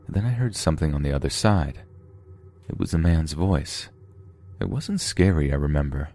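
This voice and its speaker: A man calmly narrating true scary stories as a podcast host. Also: low voice, a little hiss or hum. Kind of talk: scripted horror story narration.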